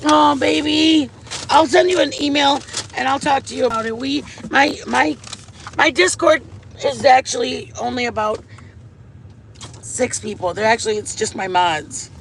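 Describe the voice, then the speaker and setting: A man's voice: extremely high pitch, fairly even intonation, a little slow, gravelly, a bit bright, slight background noise. A man hosting a casual livestream on wireless earbuds, gushing and affectionate, swearing playfully at his viewers. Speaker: livestream host.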